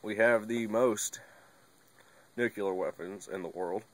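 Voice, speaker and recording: A young vlogger talks casually to his camera in a fairly low voice at a slow pace. His monologue is rambling and laid-back, packed with fillers and the occasional curse word.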